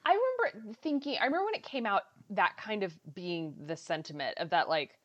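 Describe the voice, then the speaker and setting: A woman's voice: medium pitch, sing-song, brisk, muffled recording. A woman co-hosting a podcast, chatting casually and recounting things at length with lots of fillers. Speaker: podcast co-host. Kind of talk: casual chat.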